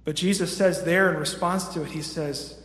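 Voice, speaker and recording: A man in his thirties preaches a sermon in a slightly high voice, moving between hushed stretches and raised emphatic peaks. His voice rings around a large, echoey church hall with a long reverb tail. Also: steady tone, moderate pace. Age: 30s. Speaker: pastor. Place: church sanctuary with a screen.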